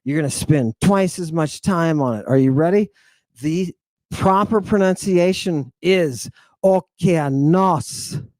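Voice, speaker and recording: A man giving an animated, playful language lesson, slowly repeating words for his students to drill. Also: fairly high pitch, dry recording. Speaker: teacher.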